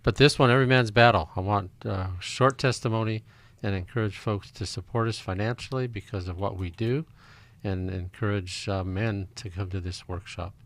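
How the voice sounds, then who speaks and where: A fairly low-pitched man speaks on a live radio program, making an earnest appeal. He rambles a little and fills pauses with uh. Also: steady tone. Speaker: radio co-host.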